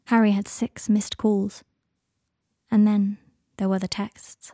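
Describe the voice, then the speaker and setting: A woman narrating a fan fiction story in a soft, low-key way that drops to whispers. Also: flat delivery, takes it slowly, no room sound, studio quality. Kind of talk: audiobook reading of fan fiction.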